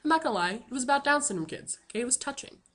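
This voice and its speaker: A woman's voice: high voice, lively intonation, very fast, fairly bright tone, slight background noise. A woman telling a funny story to her camera in a chatty, self-mocking way, full of fillers. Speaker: vlogger.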